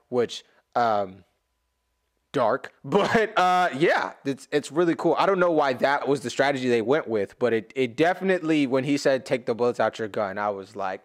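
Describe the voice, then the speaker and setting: A man's voice: medium pitch, sing-song, normal speed. A man giving casual reaction commentary as a YouTuber, rambling, correcting himself and adding humorous asides.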